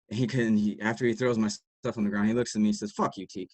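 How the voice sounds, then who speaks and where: A man's voice: lowish voice, fairly even intonation, fast talker, hardly any pauses, a little mellow, no room sound. A man, a sports dietitian, giving a candid, reflective talk to practitioners, telling work stories casually and swearing now and then.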